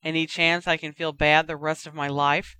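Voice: medium pitch, flat delivery, normal speed, sharp tone, clean tone, no room sound, close to an everyday voice. A reader voicing a sick, weary teenage boy who mumbles his words. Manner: weak, mumbling.

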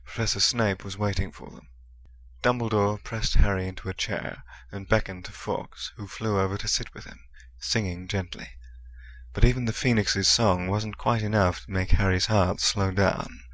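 A man narrating a fantasy audiobook in a steady storytelling manner. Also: on the low side, moderate pace. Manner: steady storytelling with soft character voices. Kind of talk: scripted narration.

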